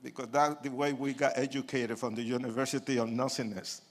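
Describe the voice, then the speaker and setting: Speaking fairly quickly in a mid-range voice, an older Puerto Rican preacher whose first language is Spanish recounts his testimony as sermon storytelling. He is animated, voices the quotes, and shifts between quiet asides and shouts.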